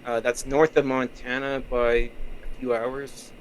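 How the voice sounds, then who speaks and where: A man's voice: mid-range voice, level tone, a little slow, slight background noise, low-quality recording. A man from Canada with a Canadian accent, a podcast guest chatting casually and rambling easily through his stories over a remote call mic. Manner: easygoing, rambling storyteller. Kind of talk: casual interview chat.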